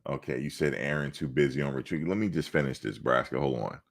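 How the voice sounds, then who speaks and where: A man with a very deep, gravelly voice hosts a sports livestream. He talks casually and answers the comments as they come in, teasing the chatters and pushing back at them. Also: fast. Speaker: sports channel host. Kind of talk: casual livestream chat, reading viewer comments.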